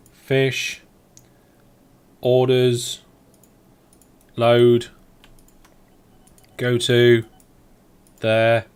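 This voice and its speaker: A man streaming a game live, thinking aloud as he plays and chatting back to his viewers. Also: mid-range voice. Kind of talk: live let's play commentary.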